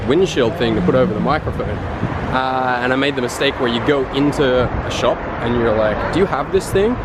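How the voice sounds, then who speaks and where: An Australian man vlogging casually outdoors, rambling and swearing, turning animated when he tells a story. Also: mid-range voice. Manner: rambling, profane, animated when telling stories. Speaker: travel vlogger. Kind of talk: casual walking vlog. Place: outdoors by a windy beach and city road. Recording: wind and traffic noise outdoors.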